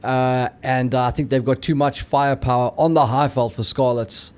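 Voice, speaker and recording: A man's voice: mid-range voice, fairly even intonation, normal speed, clear, resonant tone. A man from South Africa with a South African accent, co-hosting a rugby show in upbeat, bantering casual chat.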